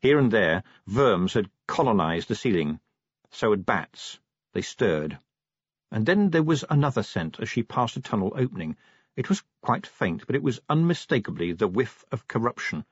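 A man narrating an audiobook with expressive storytelling and dramatic pauses. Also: on the low side, husky, no room sound. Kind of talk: scripted narration. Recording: dull lo-fi dry recording.

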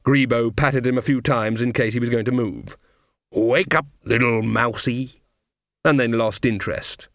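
A man's voice: medium pitch, normal speed, hardly any pauses, dry recording. A man narrating an audiobook with a dry, wry storytelling manner.

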